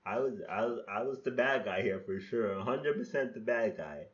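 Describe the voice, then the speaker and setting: A man's voice: medium pitch, lively intonation, moderate pace, muffled recording. A man hosting a podcast, talking casually and critically about his past self, rambling with restarts and casual swearing. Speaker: podcast host reflecting on his own poems. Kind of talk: casual reflective monologue.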